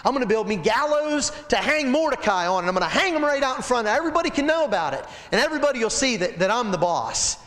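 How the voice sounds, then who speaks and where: A preacher putting on an arrogant court favorite who demands that everyone bow to him. He sounds boastful and demanding. The voice is high, in a reverberant hall. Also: sing-song, fast, hardly any pauses, fairly bright tone, exaggerated voice. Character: proud, furious male royal favorite.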